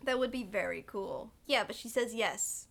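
A young woman with a fairly high voice, talking casually as a podcast co-host. She walks through a movie scene by scene and drops into quick quoted voices along the way. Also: vocal fry, a bit bright. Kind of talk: casual film chat.

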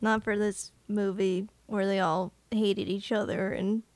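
A woman co-hosting a film podcast in a casual chat, talking in quick asides and laughing often. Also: medium pitch, flat delivery, darkish tone, no echo. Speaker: podcast co-host.

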